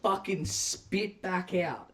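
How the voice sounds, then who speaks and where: A man's voice: high-pitched, slow. An Australian man co-hosting a review show, talking bluntly and swearing in casual chat. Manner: blunt, profane, animated. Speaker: podcast co-host.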